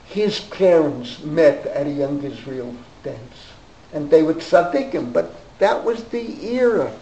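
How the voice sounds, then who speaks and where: Gravelly older New man rambling. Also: on the high side, animated, takes it slowly, warm tone. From New York. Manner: digressive, many fillers and restarts. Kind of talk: rambling anecdotal storytelling. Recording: roomy echo, faint background noise.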